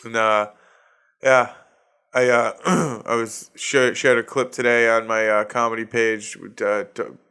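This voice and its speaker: A man's voice: mid-range voice, fairly even intonation, measured pace, pushed and bright, clear, resonant tone. A man in his thirties with a Boston accent, hosting his own comedy podcast in a profane, ranting solo monologue and laughing at his own jokes. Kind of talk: casual solo podcast rant.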